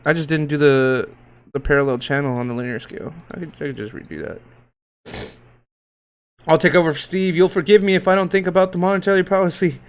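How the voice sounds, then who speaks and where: A man hosting a casual livestream, reading out market moves in a loose, joking, profane, slangy way with hype shouts. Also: on the high side, fairly even intonation, fast talker. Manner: hype shouts and laughs while reading tickers. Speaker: crypto livestream host.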